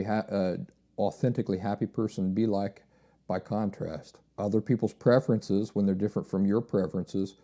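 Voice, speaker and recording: A man's voice: on the low side, vocal fry, dark tone. A man hosting a solo podcast in a casual, rambling way, often repeating phrases and restarting sentences. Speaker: podcast host.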